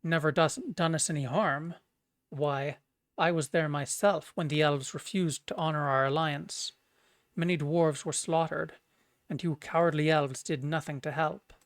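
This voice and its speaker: Proud suspicious dwarf chief, scornful, slow delivery, dry sound, streamer-voiced. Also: medium pitch, steady tone, no echo, natural voice. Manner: scornful, mocking laughter. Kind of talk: reading game dialogue aloud.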